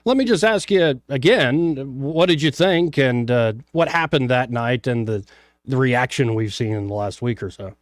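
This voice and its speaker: A man's voice: medium pitch, lively intonation, normal speed, no echo, studio quality. A man hosting a talk radio show, asking questions in a conversational, easygoing way. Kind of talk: casual radio interview.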